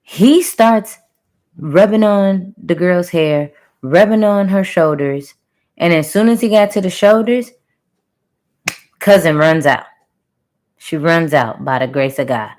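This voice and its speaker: A woman's voice: fairly low pitch, lively intonation, slow, pauses often, a little mellow. A woman reading a channeled story to her viewers in casual chat, with playful sound-effect words tossed in. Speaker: spiritual reader telling a channeled story.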